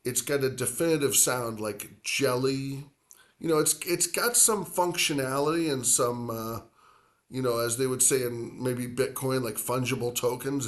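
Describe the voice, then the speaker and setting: Male language teacher, slow and rambling, stretches out each word he drills. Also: mid-range voice, fairly bright tone. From grew up near the Atlantic coast. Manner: rambling, filler-heavy explaining, drawn-out repeated Spanish words. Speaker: Spanish teacher. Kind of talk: language lesson.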